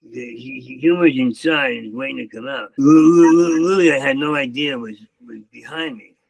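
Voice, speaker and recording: A man's voice: medium pitch, fairly quick, gravelly, fairly bright tone, breathy edge, no room sound, poor audio. An older man, a comedian, telling stories in an interview with heavy stammering and repeated words. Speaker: comedian guest. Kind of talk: storytelling interview.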